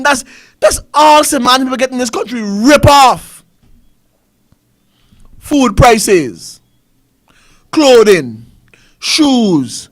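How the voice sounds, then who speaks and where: A man's voice: extremely high pitch, fairly bright tone. A man with a Caribbean English accent, hosting a talk show and ranting about politics with repeated rhetorical questions. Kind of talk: fiery political commentary.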